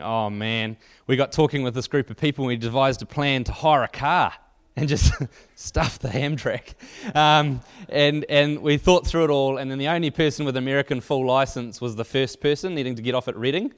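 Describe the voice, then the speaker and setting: A man's voice: mid-range voice, clean tone. A man preaching to a church audience, telling a wry anecdote loosely with fillers and restarts. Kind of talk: storytelling sermon.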